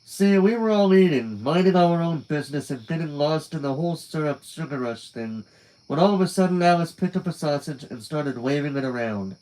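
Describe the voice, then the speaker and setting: A man's voice: fairly high pitch, expressive, fairly quick, mellow, poor audio. Man reading a novel live, chatty asides. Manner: casual, conversational, trailing off at phrase ends. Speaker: streamer reading a novel aloud.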